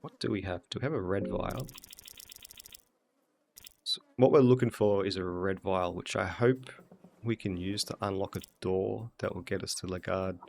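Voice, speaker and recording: Gravelly low-voiced Australian man. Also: moderate pace, slight background noise. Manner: muttering and thinking aloud while playing. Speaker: streamer. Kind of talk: casual gameplay commentary.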